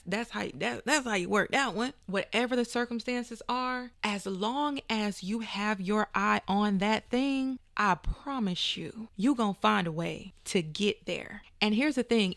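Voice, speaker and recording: A woman's voice: medium pitch, a bit bright, dry recording, studio quality. A woman hosting a podcast and giving an emphatic, motivational talk in casual, colloquial speech, with preachy turns and playful asides. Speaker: podcast host. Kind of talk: motivational monologue.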